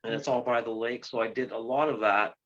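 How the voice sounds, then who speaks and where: A man, a guest who leads ghost tours and investigations, telling a long story in an interview, rambling with many fillers, restarts and excited exclamations. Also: medium pitch, a little fast. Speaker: guest, ghost tour guide and paranormal investigator. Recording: dull lo-fi sound.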